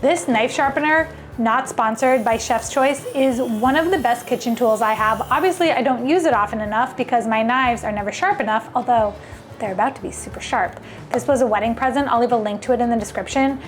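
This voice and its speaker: A woman's voice: a little high, brisk, faint music behind. Chatty woman cooking in her kitchen. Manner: chatty and enthusiastic, thinks aloud while cooking. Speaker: cooking video host. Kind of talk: casual cooking vlog. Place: home kitchen.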